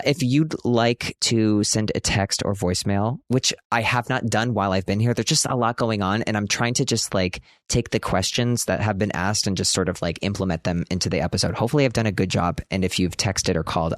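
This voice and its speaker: Lowish voiced guy doing a chatty solo podcast, earnest, says like a lot, dry close mic. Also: dry recording. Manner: earnest, chatty, lots of "like" fillers. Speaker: podcast host. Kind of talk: reflective solo podcast monologue.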